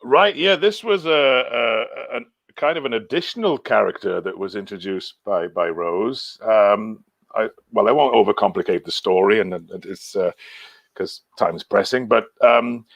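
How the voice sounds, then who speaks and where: Gravelly welsh man chatting. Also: on the low side, unhurried, no echo. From Wales. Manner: chatty, hesitant, many restarts and laughs. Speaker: guest, singer and voice actor. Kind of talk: casual chat.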